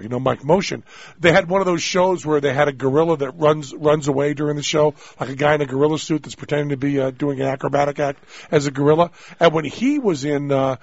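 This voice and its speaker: A male radio host with a gravelly, husky voice, teasing and spinning stories with comic exaggeration. His voice sits a little high for a man. The sound is dry and slightly muffled. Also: no echo. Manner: animated, joking, exaggerated storyteller. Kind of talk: call-in radio chat.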